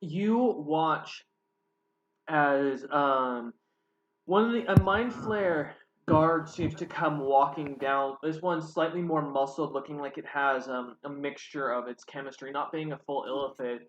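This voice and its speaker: A man's voice: a little high, a little slow, fairly bright tone, slight background noise. A man narrating a tabletop game as game master, rambling with many fillers, in a roomy, slightly dull recording.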